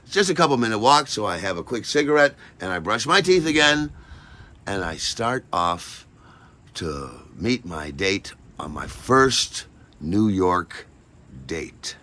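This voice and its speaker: An older man telling a personal story in an animated way, acting out every voice and lingering on words. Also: lowish voice, unhurried.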